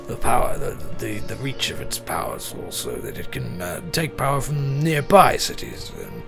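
A man voicing a fussy male centaur official who explains plans in a halting way, full of fillers. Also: medium pitch, huge pitch swings, vocal fry, music in the background. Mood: fumbling.

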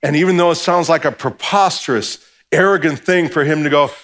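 Speaking a little fast, a male preacher gives a sermon in a conversational way. He performs the voices of people he quotes and moves back and forth between quiet, low stretches and loud, forceful ones.

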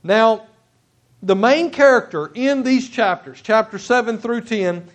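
A high-pitched man preaching from a church pulpit. He speaks in a halting way, restarting phrases and repeating key words for emphasis. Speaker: pastor. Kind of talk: sermon. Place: church sanctuary.

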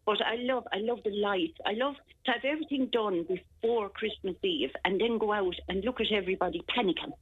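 An Irish woman rings in to a radio show, chatty and jokey, rambling from one point to the next. Her voice is a little husky and comes through a tinny phone line. The sound is dry, with no room echo. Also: mid-range voice, a little fast, hardly any pauses. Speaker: regular radio caller. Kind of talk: casual phone chat. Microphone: telephone.

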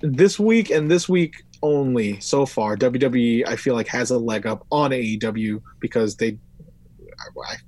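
A man's voice: mid-range voice, a little slow, a little mellow, no echo. A man hosting a casual podcast chat, rambling loosely through his notes and swearing now and then. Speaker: podcast host. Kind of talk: casual wrestling recap chat.

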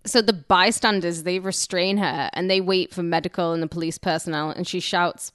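A woman with a lower-pitched voice recorded close and dry. She tells history stories in an irreverent, crude way and laughs often. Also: steady tone, moderate pace, hardly any pauses, a bit bright, clean tone, dry recording. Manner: irreverent, crude jokes while narrating. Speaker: podcast co-host. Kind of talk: storytelling history podcast.

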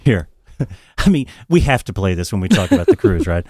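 A man's voice: low-pitched, brisk. A man co-hosting a podcast in casual, joking chat, swearing and laughing often. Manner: animated, laughing, swearing, mocking. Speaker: podcast co-host.

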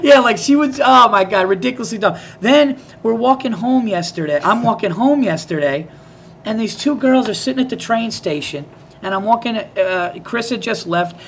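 A man's voice: sits high, moderate pace, a little hiss or hum. A man hosting a podcast, telling stories in casual chat, laughing often and acting out the people he quotes. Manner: animated storyteller, laughs often, acts out quotes. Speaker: podcast host.

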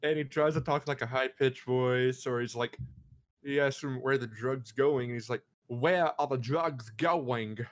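A man's voice: medium pitch, little pitch movement, normal speed. A man co-hosting a casual chat, rambling and laughing as he talks. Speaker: podcast co-host.

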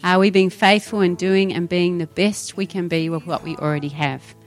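A woman's voice: on the low side, normal speed, faint music behind. A woman preaching a sermon, firing rhetorical questions and acting out voices. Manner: animated, rhetorical questions, acts out quoted voices.

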